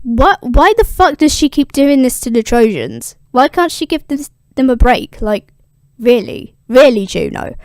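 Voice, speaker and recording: A woman doing a furious goddess, indignant and swearing, pitched up and loud, with a smooth, crisp tone in a dry room. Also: sing-song, measured pace, dry recording, heavily acted. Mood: exasperated. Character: angry goddess, exasperated mother.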